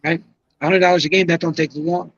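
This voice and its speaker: A retired pro bowler in his seventies, guesting on a podcast, spins long rambling stories full of emphatic asides in casual conversation. His voice sits on the high side with little pitch movement, and he talks fast with a slightly bright tone. The recording is dry and the audio dull.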